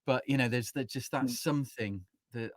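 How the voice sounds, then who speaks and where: A man's voice: mid-range voice, normal speed, no room sound, studio quality. A man, a musician and music teacher, chatting casually as an interview guest, rambling with many fillers and acting out what people said. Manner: rambling, full of "you know", acts out quotes.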